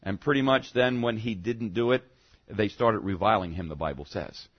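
A male pastor preaching a sermon, asking the congregation rhetorical questions and dropping his voice low for quoted speech. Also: moderate pace, breathy edge, dull audio.

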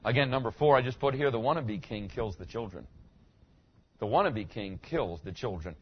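A man's voice: medium pitch, lively intonation, moderate pace, breathy edge, lo-fi sound. A middle-aged man, a pastor, preaching a sermon in a conversational way, asking the congregation questions as he goes.

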